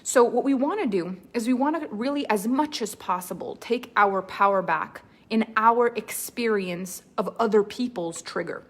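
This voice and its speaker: A woman's voice: mid-range voice, moderate pace, hardly any pauses, slightly rough. A woman mentor leading a live online training, greeting viewers by name and then teaching earnestly with lots of repetition. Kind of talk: live-stream coaching talk.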